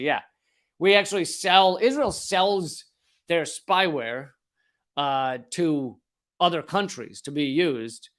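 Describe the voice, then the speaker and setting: A male comedy host delivering a news monologue in a sarcastic, profane voice. His voice is a bit higher than most men's, and he rambles, restarts and trails off as he riffs. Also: takes it slowly, a bit bright.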